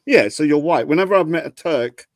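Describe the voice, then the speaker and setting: A man's voice: a little high, expressive, fairly quick, dry recording. Teasing man, dry close sound. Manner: teasing, rambling banter. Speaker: panelist. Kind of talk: live online panel chat.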